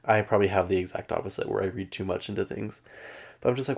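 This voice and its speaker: A man's voice: low-pitched, level tone, fast, gravelly. A man hosting a podcast, chatting casually and gossipy as he recaps a reality show, laughing often. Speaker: podcast host.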